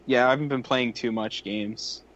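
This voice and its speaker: A man's voice: mid-range voice, fairly even intonation, moderate pace, fairly bright tone, lo-fi sound. A young man co-hosting a casual gaming podcast who answers dryly and briefly, sometimes exasperated. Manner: dry, exasperated, brief replies. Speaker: podcast co-host.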